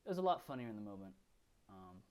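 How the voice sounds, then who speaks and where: A man's voice: fairly low pitch, very animated, fast, a little mellow. A man co-hosting a podcast, recapping films in casual, rambling chat full of fillers and restarts. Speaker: podcast co-host.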